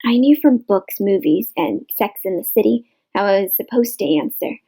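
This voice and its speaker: A woman reading a novel aloud in measured literary narration, in a rough home recording. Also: medium pitch, lively intonation, mellow, rough recording. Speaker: audiobook reader.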